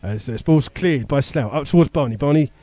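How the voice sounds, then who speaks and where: A man's voice: mid-range voice, animated, a little fast, warm tone, no echo. A man giving live radio commentary on a football match, rattling off play-by-play with the odd filler and chuckle. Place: stadium commentary position.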